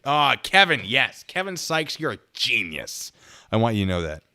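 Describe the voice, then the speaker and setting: A man's voice: medium pitch, big pitch swings, normal speed, gravelly, bright, forceful tone. A man hosting a casual livestream, chatting with viewers, laughing often and reading out donations. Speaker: streamer reacting to videos.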